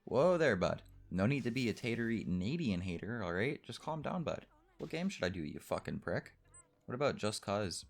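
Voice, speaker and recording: Goofy bud-saying guy put on by a young man, high, loud, exaggerated, profane. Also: big pitch swings, moderate pace, natural voice. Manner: exaggerated, mock-friendly, profane.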